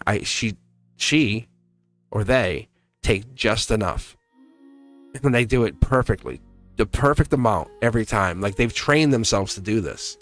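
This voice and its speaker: A man hosting a live tarot stream, talking in a rambling, animated way and laughing often. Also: medium pitch. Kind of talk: casual live-stream chat.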